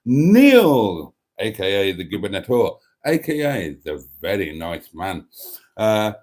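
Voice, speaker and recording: A man's voice: on the low side, very animated, slow pace, darkish tone. Chatty man hosting a live stream. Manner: chatty, self-deprecating, reads chat messages aloud. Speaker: livestream host reading chat. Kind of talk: casual live stream chat.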